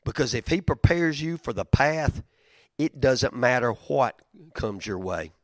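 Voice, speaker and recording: A man preaching a sermon in a conversational, storytelling way, swinging from loud outbursts to near-whispers. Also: expressive, measured pace, no echo, studio quality. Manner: conversational, storytelling with big swings in loudness and pitch. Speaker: pastor.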